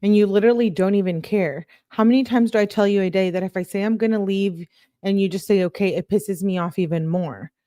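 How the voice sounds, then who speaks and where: An irate teenage girlfriend, read aloud by a woman in a heated, scolding rush, voice lifted slightly above the reader's usual pitch. Dry, close sound with no room around it. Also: brisk, mellow, no room sound, natural voice. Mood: exasperated.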